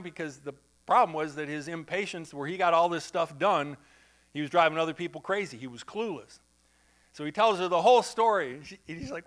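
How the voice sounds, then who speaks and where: A man preaching a sermon in church, telling a story in a conversational, animated way with asides to the congregation. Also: a little high, fast. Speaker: pastor.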